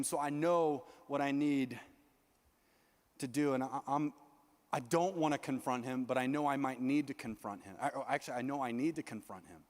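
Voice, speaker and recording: A young man preaching a sermon as youth pastor, earnest and animated, often restarting his sentences. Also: mid-range voice, normal speed, long reverb tail.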